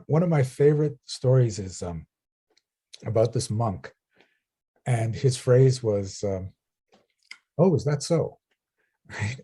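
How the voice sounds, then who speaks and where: A man's voice: mid-range voice, mellow, husky. A man coaching a client, telling stories and often checking in with "right?". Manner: storytelling, asks "right?" often. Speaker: business coach. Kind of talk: coaching session.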